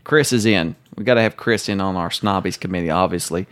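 A man's voice: sits low, fairly quick, a bit bright, smooth. Man reading listener emails aloud. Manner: reads emails aloud, jokey, interrupted banter. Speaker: podcast co-host. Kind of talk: casual chat reading listener mail.

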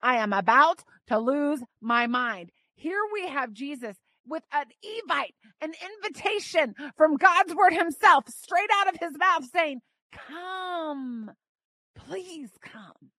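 A young woman teaching on her devotional podcast, her fairly high voice moving from hushed tenderness to loud exclaiming. She sounds earnest and emphatic. The sound is close and dry, with no room around it. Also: lively intonation, takes it slowly, no room sound. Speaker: podcast host and Bible teacher.

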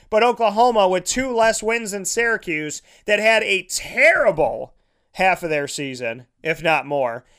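A man's voice: high-pitched, fairly bright tone, clear, resonant tone. A man broadcasting a live sports talk show, ranting with heated sarcasm and lots of repetition.

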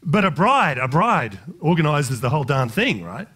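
A male pastor preaches a sermon in a very animated voice at a moderate pace, pushed and bright with a breathy edge. He jokes conversationally and speaks straight to the congregation, then climbs into impassioned, high-pitched preaching.

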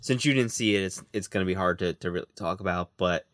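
A man's voice: low-pitched, fast talker, fairly bright tone, no echo, clean studio sound. A man co-hosting a podcast, reviewing episodes casually and stumbling over his words. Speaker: podcast co-host.

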